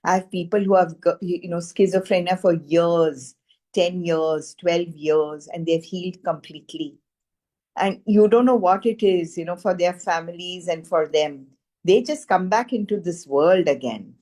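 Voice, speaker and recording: A middle-aged woman tells a story in an earnest, emphatic, conversational way. Her voice sits a little low for a woman, and she repeats phrases to drive a point home. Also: moderate pace, dark tone. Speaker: spiritual teacher sharing a wellness testimonial.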